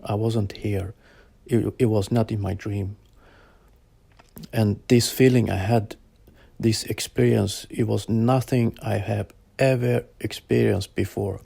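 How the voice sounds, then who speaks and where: Slow, gravelly man recounting a vision. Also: on the low side, steady tone, warm tone, no room sound. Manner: slow, halting, searching for words. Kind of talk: personal account told to interviewer.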